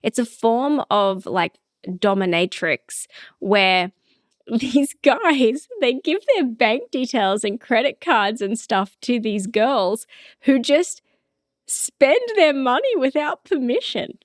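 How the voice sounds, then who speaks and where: A woman's voice: fairly high pitch, animated, slow, no echo, clean studio sound. A woman co-hosting a podcast, chatting casually in a frank, blunt way and laughing easily. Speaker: podcast co-host. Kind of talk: casual chat.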